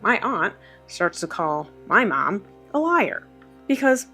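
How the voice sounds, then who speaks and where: Animated woman telling a true story. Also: medium pitch, takes it slowly, husky, faint music behind. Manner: animated, acts out quotes, many fillers. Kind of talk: casual personal storytelling.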